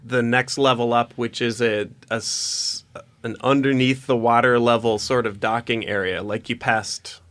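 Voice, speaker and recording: A man's voice: medium pitch, steady tone, normal speed, fairly bright tone. A man narrating a tabletop game as dungeon master, rambling with lots of fillers. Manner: rambling, many fillers and restarts.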